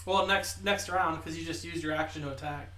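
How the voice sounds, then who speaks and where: High-voiced man explaining game rules. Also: steady tone, brisk, noisy background. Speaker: host, game master. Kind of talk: casual tabletop game chat.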